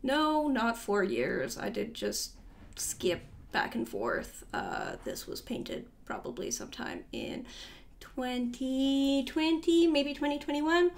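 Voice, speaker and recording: An artist, a young woman with a rather high voice, walks viewers through her sketchbooks in a slow, relaxed, chatty way. She wanders off topic, lets sentences trail away and corrects herself, staying casual and friendly throughout.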